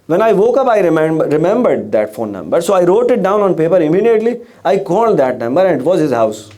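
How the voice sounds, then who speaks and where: A man's voice: on the high side, big pitch swings, quick pace, warm tone. A middle-aged man giving a sermon in a gathering hall, telling stories with rhetorical questions and frequent restarts. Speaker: religious speaker. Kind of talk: sermon storytelling.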